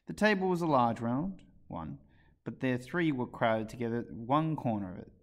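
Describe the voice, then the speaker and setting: A male storyteller reading a children's book aloud. His voice is middle-pitched and moves in animated swoops. He narrates expressively. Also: moderate pace, gravelly.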